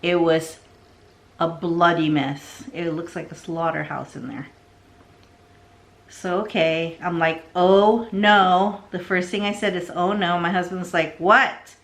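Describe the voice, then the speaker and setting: A middle-aged woman telling a long story in a casual, rambling way while she arranges plants, often dropping into soft asides. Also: lowish voice, steady tone, a little slow, creaky. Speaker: succulent vlogger.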